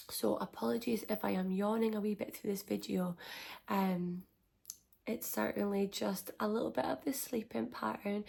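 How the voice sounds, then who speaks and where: A young woman chatting softly to camera as a parenting vlogger, giving reassuring advice, often dropping close to a whisper. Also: mid-range voice, gravelly, slightly rough. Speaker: parenting vlogger, first-time mum. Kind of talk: casual advice chat to camera.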